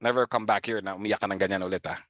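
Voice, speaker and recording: A man's voice: fairly low pitch, fairly even intonation, rapid-fire, fairly bright tone, no room sound, studio quality, lightly acted. A man doing his stern military father. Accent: Filipino. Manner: stern, blunt warnings.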